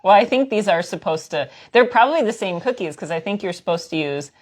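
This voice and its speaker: A woman's voice: mid-range voice, animated, brisk. A woman co-hosting a casual live-stream chat, giggly and rambling in an easygoing way. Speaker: co-host.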